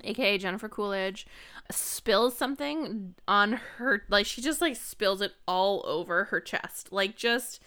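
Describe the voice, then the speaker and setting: A woman's voice: medium pitch, unhurried, sharp tone, clear, resonant tone. A woman co-hosting a podcast, chatting casually about a film and packing her talk with fillers and jokes. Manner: chatty, filler-heavy, jokey. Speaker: podcast co-host.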